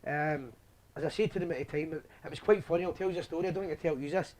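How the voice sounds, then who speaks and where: A man's voice: fairly high pitch, rapid-fire, darkish tone. A Scottish man hosting a live fan show, chatting and telling stories in a rambling way. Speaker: host. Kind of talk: casual live show chat.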